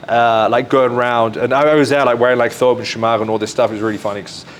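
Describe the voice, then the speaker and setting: English man, English accent, live podcast guest, chatty animated storyteller, middle pitch. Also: fast, a little hiss or hum. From England. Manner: animated, acts out quoted speech, full of "like" fillers. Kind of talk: casual storytelling.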